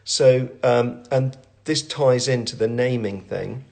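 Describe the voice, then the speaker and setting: Middle-aged man, creaky voice, chatty phone live-stream host, meandering and self-deprecating. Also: mid-range voice, slow, a little mellow. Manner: rambling, self-deprecating, chatty with many fillers and restarts. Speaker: brand owner and creative director hosting a live Q&A. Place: at home, with family in the room.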